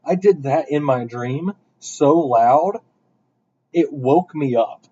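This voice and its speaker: Young man, podcast host, dark mellow voice, rambling storyteller, lo-fi recording. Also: fairly high pitch, slow, slightly rough. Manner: rambling storyteller, animated bursts. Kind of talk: casual chat. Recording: dull lo-fi sound.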